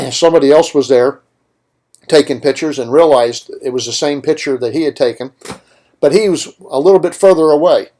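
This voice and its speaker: A man's voice: fairly high pitch, moderate pace, mellow. A man hosting a political talk radio show, delivering an opinionated monologue with emphatic points and rhetorical questions.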